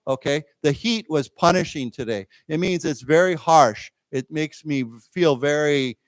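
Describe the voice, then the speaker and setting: A man's voice: fairly high pitch, a little slow, clean tone, dry recording. Male English teacher, dry close sound. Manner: explains words with everyday examples, often checks in with "okay?" and "right?". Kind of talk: live English lesson. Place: library lecture room.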